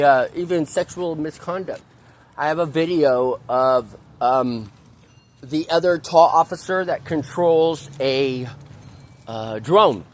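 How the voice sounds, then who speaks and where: A man's voice: fairly high pitch, slight background noise. A man venting angrily outdoors in a park, swearing often and repeating himself as he rants. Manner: profane, ranting, repetitive. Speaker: vlogger. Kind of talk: angry venting monologue.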